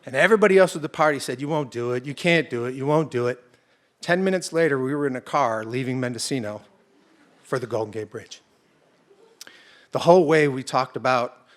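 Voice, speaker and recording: A man's voice: mid-range voice, fairly bright tone. A man telling a true personal story on stage in a conversational, vivid present-tense way. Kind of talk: live first-person storytelling.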